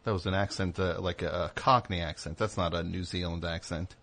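A man hosting a call-in radio show, talking in an animated, rambling way full of restarts. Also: low voice, fairly quick.

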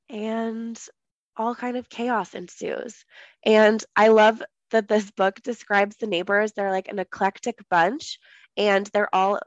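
A woman's voice: mid-range voice, no room sound, muffled recording. A woman co-hosting a book podcast, chatting casually with lots of ums, her voice a little off today. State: voice a bit off. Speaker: podcast co-host. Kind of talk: casual chat about books.

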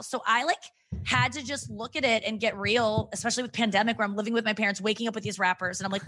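A woman in her thirties talks in a bright, slightly high voice during a candid podcast chat. She tells her stories frankly and mocks herself, swearing freely as she goes. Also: fairly even intonation, quick pace, dry recording. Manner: frank, profane, self-mocking storytelling. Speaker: comedian guest.

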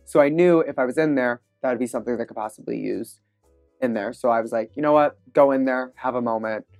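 A woman guest on a podcast, telling stories with confident, animated energy. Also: a bass voice, dry recording, soft background music. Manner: animated, confident, quick laughs. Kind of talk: casual interview storytelling.

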